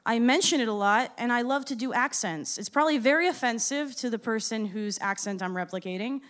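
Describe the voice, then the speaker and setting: A woman's voice: on the high side, fairly quick, a bit bright, clear, resonant tone. A woman in her thirties telling a story live on stage, with a casual, profane, self-deprecating manner and frequent laughs. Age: 30s. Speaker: storyteller and musician.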